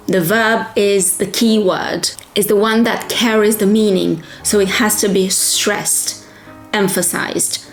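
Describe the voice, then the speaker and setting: Slow, deliberate woman teaching English. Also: mid-range voice, steady tone, reverberant, faint music behind. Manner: slow, deliberate, repeats phrases for learners to copy. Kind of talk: pronunciation drill lesson.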